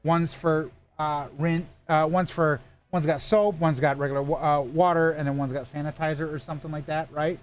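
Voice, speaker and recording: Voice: medium pitch, steady tone, normal speed, hardly any pauses, faint music behind. A game master narrating a tabletop role-playing game, rambling with frequent restarts and heavy swearing.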